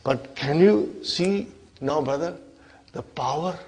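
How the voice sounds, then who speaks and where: A man teaching an Arabic grammar class, speaking slowly and deliberately and often checking that his listeners follow. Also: fairly high pitch, darkish tone, slightly rough. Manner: slow, deliberate, constantly checks on listeners with questions.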